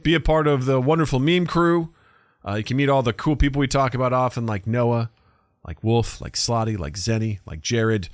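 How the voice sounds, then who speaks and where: A male podcast co-host in easygoing chat, his voice sitting in a middle register. The sound is dry and close to the mic. He gets loud and high when he acts out what others said. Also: moderate pace, dry recording. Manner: animated, quotes others in raised voices.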